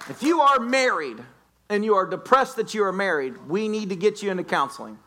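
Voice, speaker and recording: A man's voice: high voice, lively intonation, a little fast, pushed and bright, slight background noise. A man preaching a sermon as a pastor, joking and playfully telling stories to the congregation. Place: church sanctuary.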